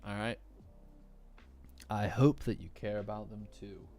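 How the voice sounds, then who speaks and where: A man's voice: fairly low pitch, steady tone, measured pace, a little mellow. A tired young man who chats casually on a livestream, rambling and apologizing for it. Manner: rambling, apologetic, self-deprecating. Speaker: streamer. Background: faint lofi music.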